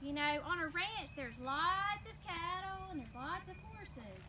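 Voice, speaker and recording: A woman with a Southern US accent telling a children's story in church, animated and prompting the kids to answer. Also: very high-pitched, a little slow. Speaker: children's mission teacher. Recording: distant mic with faint noise.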